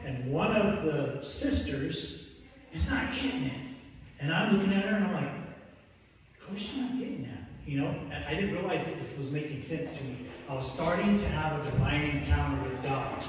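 A man preaches to a congregation, telling his own story with animated energy and slipping into the voices of the people in it. His voice sits high, and it is carried by a long, echoing hall reverb from far off the mic. A faint room hum sits underneath. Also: moderate pace. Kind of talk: sermon testimony.

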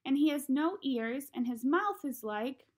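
A woman's voice: sits high, expressive, a little slow, voice pushed up. A woman voicing an exasperated schoolboy of about ten who argues emphatically, reading a storybook aloud. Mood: protesting. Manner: emphatic, protesting.

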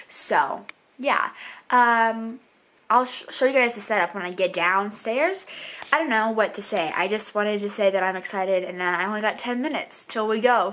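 A woman talking in a casual vlog diary at home, chatty, bubbly and quick to correct herself. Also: mid-range voice, fairly bright tone. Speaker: vlogger and co-writer of a book.

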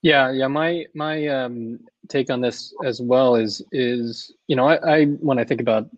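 A man's voice: medium pitch, steady tone, unhurried, no room sound, dull audio. A man moderating a conference panel, speaking in a conversational way and often repeating words. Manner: conversational, repeats words, says right a lot.

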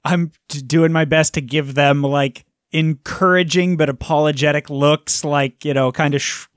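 A man's voice: on the high side, steady tone, moderate pace, no room sound, studio quality. A man playing a tabletop game, describing his character's actions in a hesitant, apologetic way. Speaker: player.

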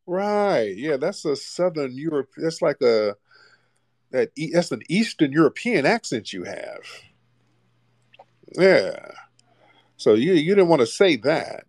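A man's voice: fairly high pitch, very animated, takes it slowly, long pauses, darkish tone, dry recording. A man hosting a live call-in stream, talking bluntly and mockingly down to his callers. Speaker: livestream host. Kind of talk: casual live call-in chat.

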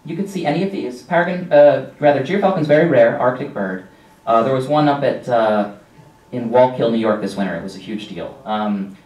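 A man gives a relaxed, rambling slideshow lecture on nature to a live audience. His mid-pitched voice is full of ums and offhand asides. It is picked up from across the room, with a roomy echo around it. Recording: echoey room from a distance.

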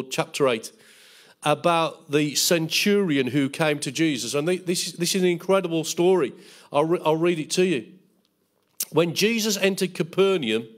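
A middle-aged pastor teaching a bible school sermon, acting out quotes in a raised, lively voice. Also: male voice, on the high side. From England. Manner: animated, acts out quotes in a raised voice.

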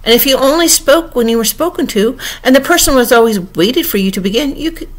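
A woman's voice: high voice, lively intonation, a little fast, pitched above the performer's own voice. A woman voicing an earnest, pleading young girl. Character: polite earnest young girl who argues.

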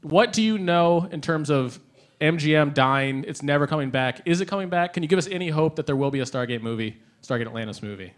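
A man moderating a convention panel, asking jokey questions and drawing them out slowly. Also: on the high side. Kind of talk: casual moderated Q&A.

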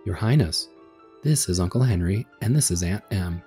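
Reassuring cheerful girl, storybook, man reading in a low, dark voice. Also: animated, normal speed, soft background music.

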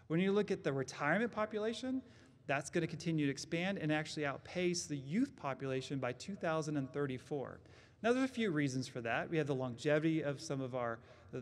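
A man giving a conference presentation on an employment forecast at a podium microphone, explaining points and checking in with the audience with "right?". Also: fairly high pitch. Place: conference hall at a lectern.

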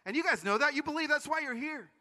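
A man's voice: very high voice, expressive, quick pace, pushed and bright. A man giving a sermon-style conference talk, telling stories energetically with playful asides, in a large hall. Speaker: conference speaker. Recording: long reverb of a large hall.

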